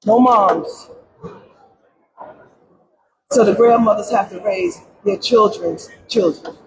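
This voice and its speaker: A woman's voice: medium pitch, slow pace. A middle-aged grieving grandmother speaking at a press conference, pleading and tearful, often repeating her words. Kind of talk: emotional press conference speech. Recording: crowd noise around the speaker.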